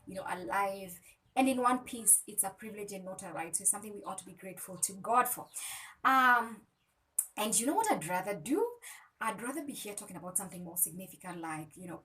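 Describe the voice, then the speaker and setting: A woman's voice: mid-range voice, fairly bright tone. Woman vlogger, motivational talker, punchy and preachy, mid-range voice, recorded from a distance. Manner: emphatic, preachy, direct address. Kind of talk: motivational talk to camera. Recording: voice distant from the mic.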